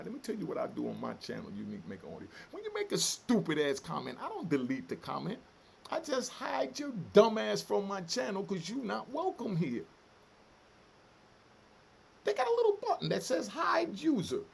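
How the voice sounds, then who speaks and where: A man's voice: fairly high pitch, vocal fry, slight background noise. A middle-aged man hosting a commentary channel, delivering fiery, emotional, profane street talk in a heated solo rant.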